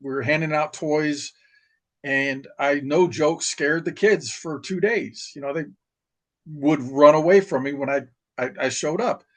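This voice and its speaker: A middle-aged man tells stories of his service in loose, casual podcast chat. His voice sits a touch high for a man, and he circles back on his words with frequent uhs and restarts. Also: measured pace. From New York. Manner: rambling, many restarts and fillers. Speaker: podcast guest, retired Marine. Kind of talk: casual storytelling.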